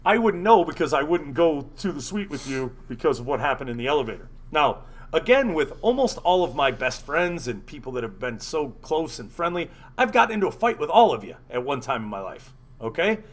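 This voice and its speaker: A man hosting a casual talk show, telling a story in an animated, profane way. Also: fairly high pitch, fairly quick. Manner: animated, profane, acts out quotes. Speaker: podcast host.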